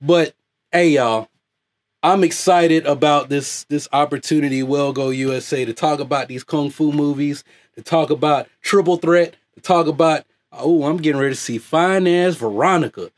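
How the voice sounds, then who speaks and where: A man from the United States, hosting his own online channel with a loud, profane, off-the-cuff rant and frequent laughter. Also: on the high side, normal speed. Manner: loud, animated, laughs often. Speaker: YouTube host.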